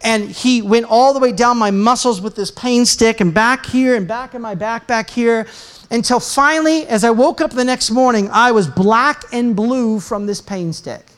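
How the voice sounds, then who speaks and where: An American pastor preaches a sermon, sharing a personal story with self-deprecating humor and an animated delivery. His voice is mid-range and he speaks at a normal speed.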